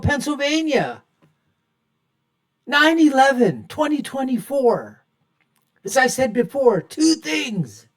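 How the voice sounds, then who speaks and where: A man hosting his own show, giving emphatic, opinionated solo commentary and repeatedly calling his listeners folks. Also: sits high. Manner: repeats phrases for punch, swings loud and soft. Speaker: show host.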